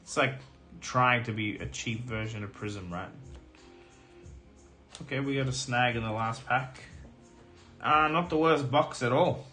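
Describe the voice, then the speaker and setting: A man with a mid-range, slightly hoarse voice chats loosely to his live-stream viewers. He rambles with fillers and perks up over each card he pulls. Clear background music plays under his talk the whole time. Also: medium pitch, unhurried, long pauses. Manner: chatty, filler-heavy, excited about pulls. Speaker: streamer opening trading card packs. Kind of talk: casual live-stream chat.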